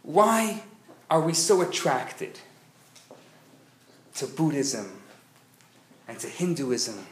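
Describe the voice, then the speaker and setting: Joke-telling rabbi, raised voice. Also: male voice, a little high. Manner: animated joke-telling storyteller. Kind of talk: live lecture with jokes. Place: community center lecture hall. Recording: echoey hall, faint noise.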